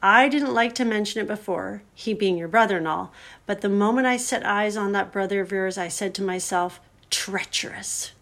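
A woman's voice: mid-range voice, normal speed, fairly bright tone, close to an everyday voice. A woman doing Mister Beaver, grave worried beaver. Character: earnest anxious male beaver, homely and protective.

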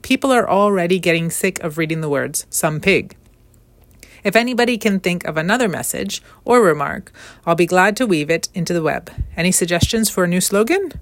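A woman voicing a wise, composed female barn spider in a storybook reading, speaking crisply and with command. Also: fairly low pitch, expressive, brisk, dry recording. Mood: brisk, matter-of-fact. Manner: crisp and commanding, precise wording.

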